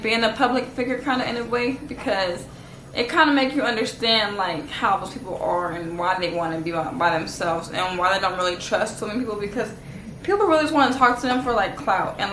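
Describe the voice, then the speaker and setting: A woman's voice: a little high, fairly bright tone, slight background noise. A woman from Los Angeles telling a casual storytime vlog in a chatty, slangy way, saying "like" a lot. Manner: chatty, slangy, heavy use of "like". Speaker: vlogger. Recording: echoey room.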